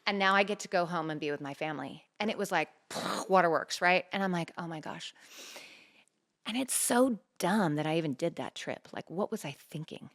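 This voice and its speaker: A woman's voice: lowish voice, a little fast, few pauses. A middle-aged woman co-hosting a talk show, telling a personal story earnestly and acting out the dialogue as she goes. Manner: earnest, animated retelling with quoted dialogue. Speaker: podcast co-host. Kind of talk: personal storytelling, casual chat.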